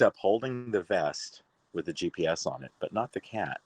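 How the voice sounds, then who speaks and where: A cat owner vlogger with a deep, darkish, expressive voice tells a chatty, exasperated tale about his cat at a moderate pace. Now and then he breaks off to talk to his pets, and the audio quality is poor.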